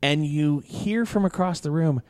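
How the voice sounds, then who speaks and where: A man's voice: fairly high pitch, unhurried. A man running a tabletop game as game master, narrating loosely with fillers. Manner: animated, loose storytelling with fillers.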